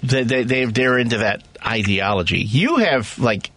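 A man's voice: normal speed, no echo. Male radio guest, rambling casual talker, mid-range voice. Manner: rambling, restarts, animated rises in pitch. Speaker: radio guest, comic book writer.

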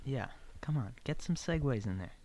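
A man co-hosting a podcast, trading dry, deadpan jokes in casual chat. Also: mid-range voice, normal speed. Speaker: podcast co-host.

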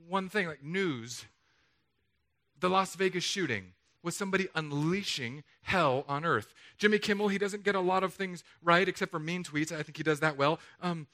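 A man preaching a sermon in a chapel, emphatic and energetic, swinging between loud declarations and quiet asides. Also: on the high side. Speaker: pastor.

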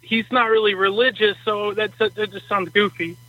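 Man, quiz contestant, high bright voice, dry close sound, brief easygoing answers. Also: fairly even intonation, normal speed, dry recording, highs cut off. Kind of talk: casual chat.

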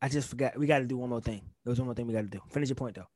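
A young man co-hosting a podcast, ranting in animated, profane casual chat. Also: medium pitch, racing, dry recording, clean studio sound. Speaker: podcast co-host.

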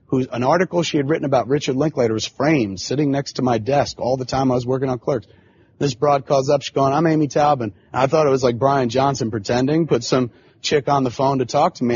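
A middle-aged man telling a long personal story in a casual, animated way, swearing freely and often saying "you know what I'm saying". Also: medium pitch. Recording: slightly dull lo-fi sound with faint background hum.

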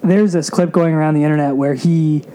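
A man who works as a wrestling announcer, chatting on a podcast and telling stories in a relaxed, wry way. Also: a little high, fairly quick. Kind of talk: casual podcast chat.

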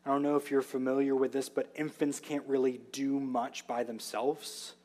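A man's voice: medium pitch, little pitch movement, moderate pace, darkish tone. A man preaching a sermon, telling the story with emphatic, vivid asides. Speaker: pastor.

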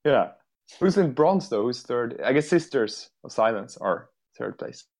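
Excitable man, laughing a lot. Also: mid-range voice, a little slow. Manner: excitable, laughs often, stumbles over words. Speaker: podcast co-host. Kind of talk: casual chat.

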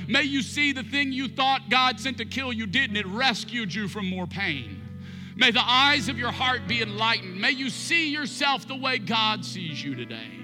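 A man preaching a sermon as pastor, animated and playing out both sides of imagined conversations in a large church. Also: high voice.

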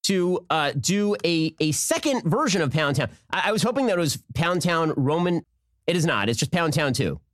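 A male commentator in a played clip, giving dry sarcastic remarks at a brisk clip. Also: a little high, big pitch swings, a bit bright, dry recording. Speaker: political commentator.

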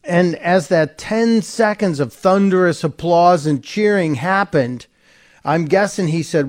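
A man's voice: sits high, a little slow, a little mellow. A man hosting a talk radio show, giving an opinionated, sarcastic monologue and mocking the people he quotes.

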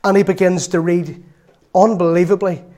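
A man's voice: high voice, fairly even intonation, moderate pace, a little mellow. A man preaching a sermon in a chatty storytelling way, with laughs and asides.

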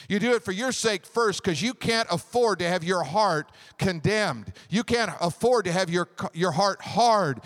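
A man preaching a sermon as pastor, animated, with a joke and call-and-response. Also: sits high.

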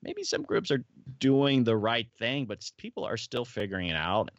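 A man's voice: mid-range voice, sing-song, normal speed, no room sound. Rambling middle-aged man, dull dry audio. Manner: rambling storyteller, acts out quoted voices. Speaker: podcast guest. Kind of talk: casual interview talk.

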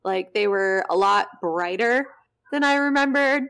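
A woman's voice: mid-range voice, a little slow, creaky, smooth. Young woman podcast host rambling thru a story, swears a lot, keeps cracking up. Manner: animated, swears freely, breaks into laughter. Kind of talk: casual storytelling chat.

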